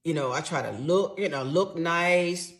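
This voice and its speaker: Middle-aged woman, creaky texture, animated casual storytelling straight to camera. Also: fairly low pitch, unhurried. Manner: animated, emphatic, talks to viewers directly.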